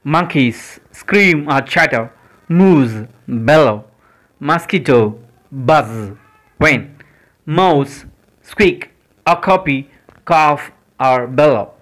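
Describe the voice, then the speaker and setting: A man hosting his own channel, reading a list of animals and their sounds one by one, slowly and deliberately. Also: a little high, lively intonation, a bit bright, rough recording. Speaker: channel host. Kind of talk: educational word list reading.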